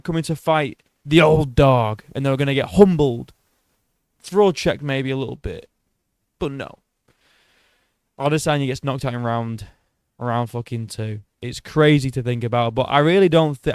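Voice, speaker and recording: An MMA commentator with a clear, resonant, mid-range voice gives casual solo commentary on a fighter's career, with no echo. He's blunt, swears a lot, and keeps restarting and correcting his sentences.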